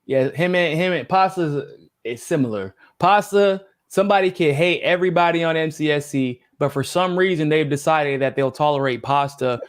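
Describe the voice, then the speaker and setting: A young man co-hosting a casual podcast chat, animated and swearing freely. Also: a little high, moderate pace. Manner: animated, swears freely, acts out others' voices. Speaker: podcast co-host.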